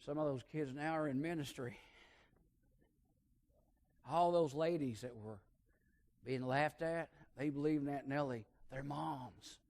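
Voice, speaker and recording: Folksy preacher man, fairly high voice. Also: measured pace, creaky, pauses often. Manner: folksy, swings between hushed and loud emphasis. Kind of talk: sermon storytelling.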